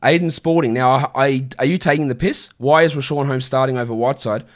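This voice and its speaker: Brief: man in his thirties, livestream Q&A host, blunt and sweary, quick to rant. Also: medium pitch. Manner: blunt, swearing, exasperated rants. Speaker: fantasy basketball streamer answering viewer questions. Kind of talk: casual livestream Q&A.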